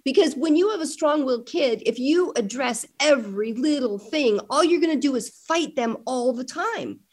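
A middle-aged woman, a parent guest in an interview, telling family stories with lively acted-out dialogue. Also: high-pitched, moderate pace. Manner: animated storyteller acting out family dialogue. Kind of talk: conversational interview storytelling.

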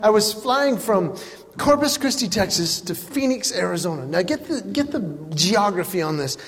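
A man doing animated stand-up storytelling, exaggerating for laughs. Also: high-pitched, normal speed. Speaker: comedian. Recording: live hall with reverb and faint noise.

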